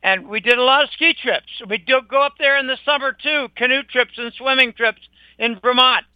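An older man, appearing as an interview guest, delivers an emphatic, indignant and scornful conversational monologue. His very high-pitched voice moves at normal speed on a dull, lo-fi, dry recording.

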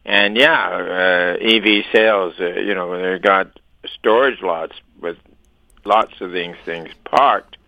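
A man's voice: deep voice, fairly even intonation, slow, gravelly, no echo, lo-fi sound. A man giving opinionated, sometimes sarcastic commentary as a radio show guest. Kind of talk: casual radio talk.

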